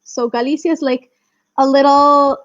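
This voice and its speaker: A young woman with a fairly high voice talks eagerly as a podcast guest, sprinkling her sentences with "like." The sound is dry and close, a little dull and lo-fi. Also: fairly even intonation, normal speed, a bit bright, no echo. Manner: chatty, many "like" fillers, enthusiastic. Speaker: guest, Spanish teacher. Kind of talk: casual podcast chat.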